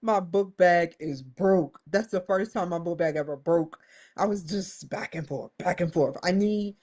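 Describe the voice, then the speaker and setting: Speaking to her camera in a fairly low, darkish voice, a woman delivers a candid, rambling vlog monologue, cursing without restraint and hitting her emphasized words hard.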